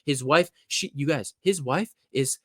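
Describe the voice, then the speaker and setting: A man's voice: fairly high pitch, a little slow, pushed and bright, no room sound, studio quality. A man from California, ranting crudely and mockingly as a football reaction vlogger at home. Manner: profane, mocking, blunt.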